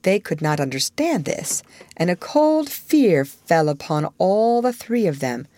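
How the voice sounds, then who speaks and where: A woman reading a children's story aloud in a measured, expressive narration. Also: lowish voice, dry recording. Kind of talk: audiobook narration.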